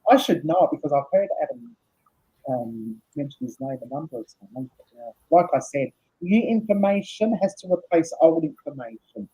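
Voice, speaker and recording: A tired woman hosting a casual live chat, laughing often and reading out viewers' comments in a husky voice. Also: low-pitched, expressive, moderate pace, warm tone. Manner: chatty, laughs often, reads comments aloud. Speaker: host. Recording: dull lo-fi stream audio.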